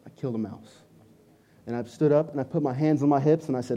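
A man in his thirties preaching a sermon, telling a story with animated delivery and loud bursts when acting out his own lines. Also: medium pitch, fast, background noise. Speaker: pastor.

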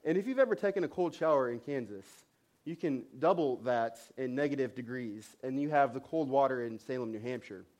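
A man in his thirties, a pastor preaching, telling a self-mocking story with animated delivery and frequent restarts. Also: mid-range voice, a little fast. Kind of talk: sermon storytelling.

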